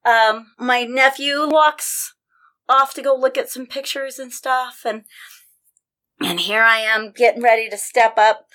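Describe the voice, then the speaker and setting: A woman's voice: fairly high pitch, fairly even intonation, unhurried, pushed and bright. A woman in casual conversation, telling a personal story with passion and vivid detail. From Denver. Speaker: podcast guest storyteller.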